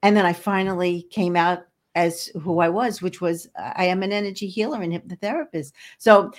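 A fairly low-pitched woman's voice, a little fast, belongs to an older energy healer being interviewed casually. She speaks earnestly, frequently repeating words as she gropes for what to say.

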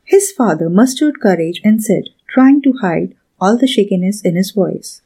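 A woman narrating a scripted story in a measured, steady reading. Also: mid-range voice, breathy edge.

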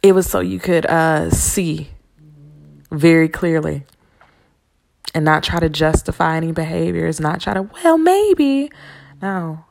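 A woman with a low voice and a gravelly edge hosts her own podcast as a spiritual reader. She talks candidly and bluntly, with plenty of swearing, telling personal stories in a loose, conversational way. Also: steady tone, a little slow, long pauses, darkish tone. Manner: frank, profane storytelling with laughs. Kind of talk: candid solo podcast talk.

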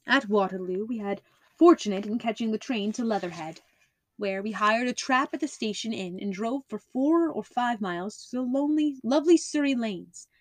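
A woman narrating a classic story as an audiobook reader, in an even, clear storytelling voice. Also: a little high, normal speed, no room sound. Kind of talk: scripted narration.

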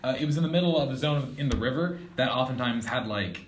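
A young man talks in a dry, wry way, happy to lay out facts mid-chat. His voice bounces around a roomy space, and steady background noise sits under the recording. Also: mid-range voice, quick pace. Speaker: podcast co-host. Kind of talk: casual chat. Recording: noisy, echoey room recording.

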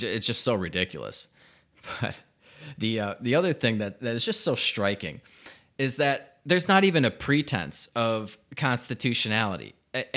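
Young adult man, low-ish voice, casual political rant, profane, sarcastic. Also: pushed and bright. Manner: profane, sarcastic, laughs mid-sentence. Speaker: political commentator.

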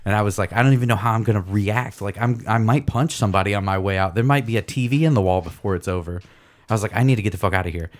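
A young man with a fairly low voice tells a story on a casual podcast. He swears freely and acts out each part of it with energy. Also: racing. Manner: profane, animated storyteller. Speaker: podcast co-host.

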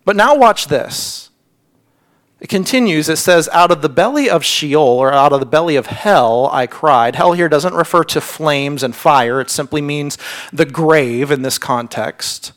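A man preaching a sermon as pastor, earnest, often repeating words as he stresses a point and sinking to a hush on key lines. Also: fairly high pitch, a little slow. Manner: drops to a hushed near-whisper on key lines.

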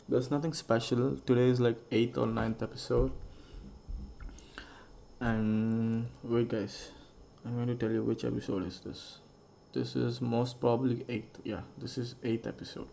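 A man's voice: medium pitch, little pitch movement, normal speed, creaky, dark tone, a little hiss or hum. A young man hosting a casual solo podcast, rambling and musing aloud and swearing freely. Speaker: podcast host.

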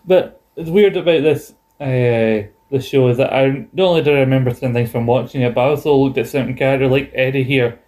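A man chats through an old wrestling broadcast with a co-host. His talk is loose and rambling, with swearing and jokey asides, and his pitch sits at an ordinary middle height. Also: brisk, few pauses, darkish tone. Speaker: podcast co-host. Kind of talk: casual chat recapping wrestling.

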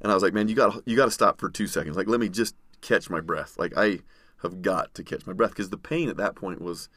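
Male guest storyteller, lower register, dry close mic, animated retelling. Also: quick pace, no room sound. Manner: vivid storyteller, acts out others' shouting. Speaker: podcast guest. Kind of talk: storytelling in conversation.

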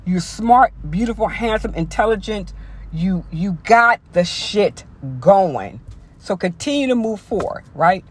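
A woman's voice: medium pitch, animated, a little slow, slightly rough. A woman hosts a podcast with a loose, casual motivational monologue. She talks bluntly and emphatically, swears freely, and repeats key lines for weight. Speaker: podcast host.

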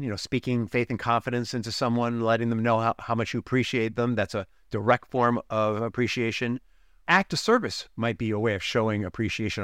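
A man's voice: mid-range voice, fairly bright tone, no room sound, studio quality. Emphatic male relationship podcast host. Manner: emphatic, repeats lines for effect, acts out sample dialogues. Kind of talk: teaching podcast monologue.

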